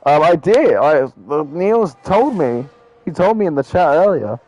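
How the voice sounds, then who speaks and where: A man's voice: fairly high pitch, animated, a little slow, darkish tone, poor audio. A man giving casual live commentary on a sim race, with lots of filler ums and a loose, chatty way of talking.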